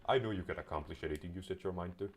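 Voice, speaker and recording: Male let's-player with a deep voice, dry sarcastic jokes and casual swearing. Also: racing. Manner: sarcastic, joking, swears freely. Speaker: gameplay commentator. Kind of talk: casual let's-play commentary.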